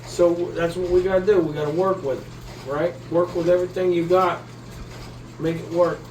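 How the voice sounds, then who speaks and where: Poor audio with a little hiss or hum captures a man's high, darkish voice, moving at a moderate pace with fairly even intonation. While cooking in his kitchen for a casual vlog, this host rambles, swears casually, speaks directly to viewers and keeps asking "you know what I mean."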